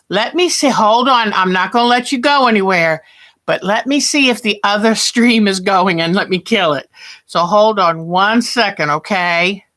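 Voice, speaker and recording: A woman's voice: mid-range voice, bright, forceful tone. A woman hosting a quilting livestream, chatting casually and thinking aloud, often stopping herself mid-sentence to start over. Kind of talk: casual livestream chat and demonstration.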